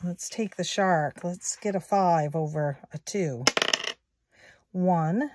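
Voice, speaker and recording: A woman in her sixties, a savings vlogger, chatting softly and unhurriedly to her viewers as she works through savings challenges at home. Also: fairly low pitch, heavy background noise. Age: 60s. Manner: soft-spoken, unhurried, talks to viewers as guys. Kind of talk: slow casual commentary while doing savings challenges. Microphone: phone or camera close on a table.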